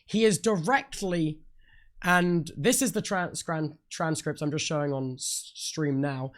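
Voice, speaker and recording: A man's voice: a little high, unhurried. A man in a casual debate on stream, interrupting to make his point. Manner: interrupting, reading quotes aloud.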